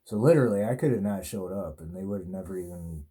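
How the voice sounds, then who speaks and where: A man's voice: low-pitched, fast, warm tone. A man hosting a podcast, telling a personal story in a rambling, casual way, swearing a lot. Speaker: podcast host.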